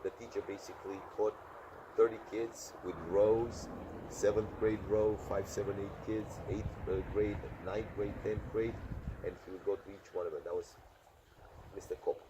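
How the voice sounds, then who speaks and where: Man, Romanian-born interviewer, low voice, casual chat, many fillers, noisy recording. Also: flat delivery, moderate pace, lo-fi sound. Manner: chatty, hesitant, with many fillers. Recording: noisy background.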